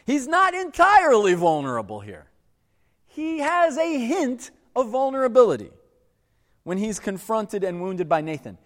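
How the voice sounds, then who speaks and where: Pastor guy preaching, chatty storyteller, voice jumps up and down a lot, fairly high for a man. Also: measured pace. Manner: casual, conversational storytelling with lively quoted voices. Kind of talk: sermon. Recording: echoey hall with long reverb.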